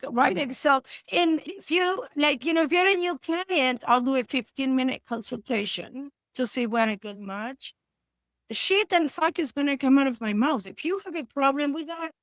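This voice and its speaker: A woman's voice: sits high, a bit bright, dry recording. A woman from Argentina speaks as a therapist guest in an interview. She is blunt and profane, and she often acts out what her clients say. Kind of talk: candid interview talk.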